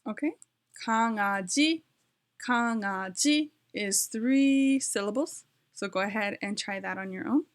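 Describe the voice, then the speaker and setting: At home beside her dog, a language-learning vlogger leads a loose, friendly beginner lesson at a moderate pace in an ordinary middle pitch. She types as she talks and often corrects herself mid-sentence.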